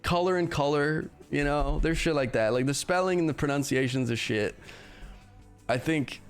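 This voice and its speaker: A man's voice: mid-range voice, moderate pace, smooth, soft background music. A man livestreaming, ranting casually with heavy profanity and a rambling delivery. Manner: profane, rambling, laughs mid-sentence. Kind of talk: casual ranting stream chat.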